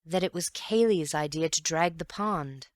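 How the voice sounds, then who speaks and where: A woman voicing a calm, thoughtful gentleman detective who speaks in a grave, measured, earnest way. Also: sits low, dry recording, clean studio sound, natural voice.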